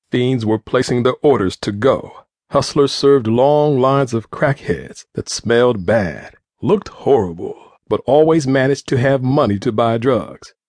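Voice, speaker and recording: A man narrating an audiobook in a steady, even storytelling manner. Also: medium pitch, no room sound, clean studio sound.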